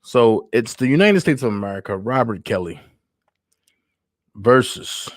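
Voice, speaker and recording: Man, livestream host, casual chat, blunt and candid, drawn-out delivery. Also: mid-range voice, expressive, dry recording, clean studio sound. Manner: blunt, candid, unhurried opinion talk.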